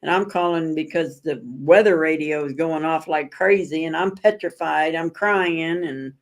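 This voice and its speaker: Rambling, expressive woman chatting with viewers. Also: sits low, a little slow. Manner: rambling, self-correcting storyteller. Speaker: livestream host. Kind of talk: casual chat with viewers.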